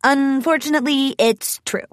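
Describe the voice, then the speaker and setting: A woman's voice: high voice, fairly even intonation, normal speed, no echo, clean studio sound, pitched above the performer's own voice, natural voice. A woman voicing a refined, theatrical female pony with a trilling, posh manner. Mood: grave.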